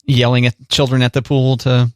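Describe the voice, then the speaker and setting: A man's voice: medium pitch, completely flat delivery, normal speed, darkish tone, clean tone, no room sound, studio quality. A man co-hosting a casual chat show, jokey and teasing, often asking his co-host questions. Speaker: podcast co-host.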